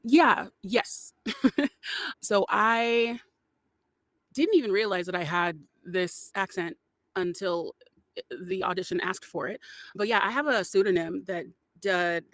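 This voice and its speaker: A woman's voice: lowish voice, fairly bright tone, no echo. A woman voice actor, a guest on a podcast, chatting casually with lots of laughs, fillers and restarts. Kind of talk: casual podcast interview chat.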